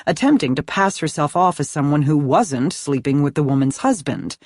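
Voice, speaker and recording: A woman narrating a thriller audiobook in an expressive, dramatic reading style. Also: sits low, normal speed, few pauses, breathy edge, dry recording, studio quality. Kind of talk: scripted narration.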